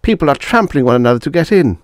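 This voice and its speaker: Urgent young space officer, lifted pitch, clipped delivery, read by a man. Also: sing-song, fast talker, no echo, clean studio sound.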